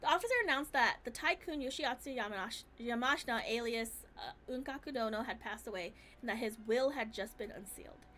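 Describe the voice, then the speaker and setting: A woman's voice: fairly high pitch, brisk, few pauses, sharp tone, a little hiss or hum. A woman streamer reading a game's narration aloud live, with small slips. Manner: reads with small slips and restarts.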